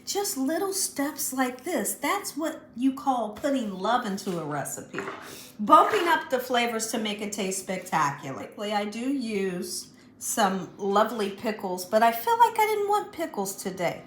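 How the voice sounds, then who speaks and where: A woman's voice: fairly high pitch, sing-song, unhurried, fairly bright tone, a little hiss or hum. Chatty woman cooking in an echoey kitchen. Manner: chatty, enthusiastic, talks to viewers directly. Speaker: cooking show host. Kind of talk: casual home cooking demonstration. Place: home kitchen.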